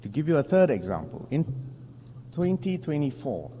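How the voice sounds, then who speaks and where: A man, a foreign minister, delivers a formal speech at an international assembly in a measured, deliberate way, pausing for emphasis and correcting small slips. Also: fairly high pitch, sing-song, warm tone. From Singapore. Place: large assembly hall. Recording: long hall reverb with faint hum.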